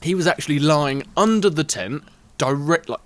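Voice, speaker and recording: A man telling a festival story on a podcast, animated and laughing, acting out what people said. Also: a little high, moderate pace, heavy background noise. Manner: animated, laughing retelling with acted-out quotes. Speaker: podcast guest. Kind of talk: casual storytelling.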